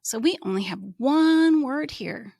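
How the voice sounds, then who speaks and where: A woman who teaches reading, giving a slow, encouraging phonics lesson to young children and sounding out letters. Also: high voice, animated, creaky, a little mellow, no echo, studio quality.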